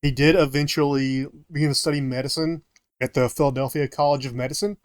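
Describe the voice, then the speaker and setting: A man's voice: mid-range voice, steady tone, fast talker, no room sound, clean studio sound. A man co-hosting a casual podcast, walking through his research notes with frequent fillers and self-corrections. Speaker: podcast co-host presenting research.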